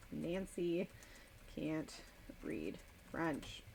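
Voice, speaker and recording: A woman's voice: on the low side, creaky, a little hiss or hum. A woman streamer in casual live-stream chat, chatty and a little distracted as she reads chat aloud and types. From United States.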